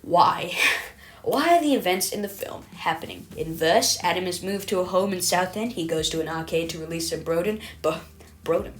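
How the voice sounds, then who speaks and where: A woman's voice: on the low side, normal speed. A woman reading her own video essay in a scripted, self-mocking, rambling way, stumbling over words and correcting herself.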